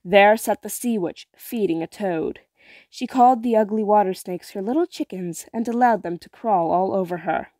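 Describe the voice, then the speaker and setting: A woman's voice: mid-range voice, no room sound. Woman reading a fairytale aloud. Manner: measured, expressive storytelling. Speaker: storyteller.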